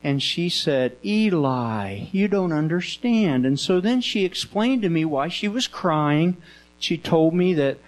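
A man teaching children a Bible lesson, telling the story in first person in a gentle, coaxing voice with slow, repeated phrases, in a room with children. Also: a little high, lively intonation, soft background music, poor audio. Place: indoor room with children present.

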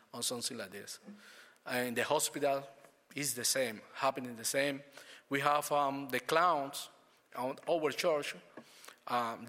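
A man's voice: mid-range voice, sharp tone, long reverb tail. Man giving church testimony. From Cuba. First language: Spanish. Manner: halting non-native English with frequent restarts.

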